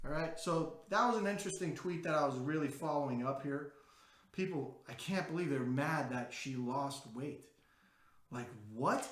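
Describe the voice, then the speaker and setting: A man hosting a podcast in a brash, profane, excitable unscripted monologue. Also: on the high side, moderate pace, echoey room. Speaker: podcast host.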